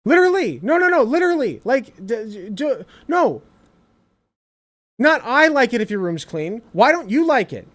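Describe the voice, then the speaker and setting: A man streaming reaction commentary, ranting in an animated, exasperated way with lots of swearing. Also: very high voice, moderate pace.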